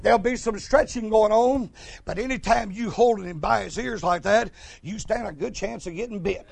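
High gravelly preacher. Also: male voice, normal speed, a little mellow. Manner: folksy, storytelling, calls for responses. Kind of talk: sermon.

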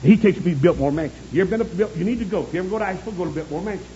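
A man with a Southern US accent preaching a revival sermon, telling folksy stories and bursting into shouts, with many "uh" fillers. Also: sits high, rapid-fire, slightly rough. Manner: shouting, exclamatory, punctuating with "uh". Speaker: evangelist preacher. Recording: dull lo-fi audio recording.

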